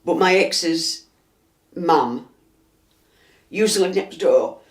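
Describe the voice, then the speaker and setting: Extremely slow and expressive, with a lowish voice, an older woman from Yorkshire tells a story in her house during an interview, playing out the dialogue. She has a chesty cough, and the audio carries a roomy echo.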